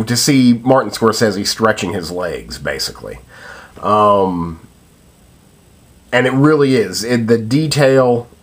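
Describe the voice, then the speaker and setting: Slow, hesitant low-voiced man reviewing. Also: a bit bright. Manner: hesitant, full of ums and uhs. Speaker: film reviewer. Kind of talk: casual spoken film review.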